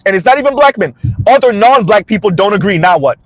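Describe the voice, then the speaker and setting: The commentary vlog host talks to his audience with casual mockery, frequent laughter, and a constant "right?". His voice sits high with lively intonation and a quick pace, recorded dry.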